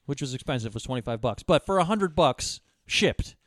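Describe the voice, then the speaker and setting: Lively man telling a story. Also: medium pitch, a little fast, no echo, studio quality. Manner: storytelling, laughs often, self-deprecating. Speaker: podcast co-host. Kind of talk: casual chat about movies.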